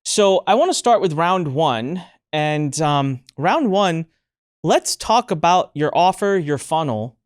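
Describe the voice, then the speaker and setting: A man hosting a podcast, energetic and upbeat, interviewing a guest and speaking directly to his listeners. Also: a little high, takes it slowly, smooth, no echo, studio quality. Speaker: podcast host.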